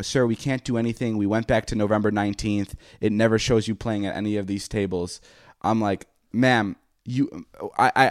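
A man's voice: fairly low pitch, dry recording, clean studio sound. A man in his twenties, a podcast host, telling a long story in casual chat, swearing often and acting out what people said. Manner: profane, animated, acts out quoted dialogue.

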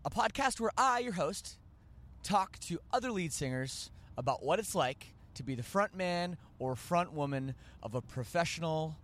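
A man's voice: a little high, animated, measured pace, fairly bright tone. Rambling, joking podcast host man. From Canada. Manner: rambling, joking, self-correcting. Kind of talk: casual podcast chat.

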